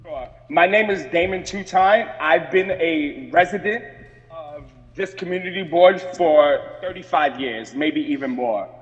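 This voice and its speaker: A man speaking up remotely at a community board meeting over a video call, aggrieved and insistent, halting with fillers. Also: fairly high pitch, in a large hall, lo-fi sound.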